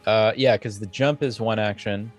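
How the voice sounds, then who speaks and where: A man running a tabletop game as game master, halting and full of fillers as he narrates. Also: fairly low pitch, fairly even intonation, faint music behind. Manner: halting, many fillers and restarts.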